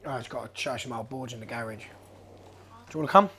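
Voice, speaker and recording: A man's voice: mid-range voice, fast talker, pushed and bright. A young man, a pro skateboarder, telling rambling anecdotes casually and swearing freely. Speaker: professional skateboarder. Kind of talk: casual storytelling interview.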